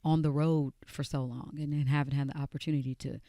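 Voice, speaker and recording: A woman who is a musician, talking calmly and playfully as a guest on a radio show. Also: low voice, quick pace, no room sound. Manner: calm, soothing way of talking. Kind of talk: casual radio interview. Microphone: studio microphone.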